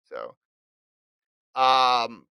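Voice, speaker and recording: A man's voice: medium pitch, very animated, extremely slow, vocal fry, pushed and bright, smooth, no echo. Chatty man running a fantasy draft. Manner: chatty, teasing, reads out lists of picks. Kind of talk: casual chat.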